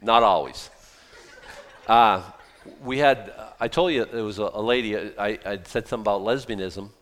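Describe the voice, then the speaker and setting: A middle-aged man preaching a sermon in a casual, conversational way, with sarcastic asides and quick jumps in loudness. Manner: conversational, sarcastic asides, animated swings in pitch and volume. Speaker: pastor.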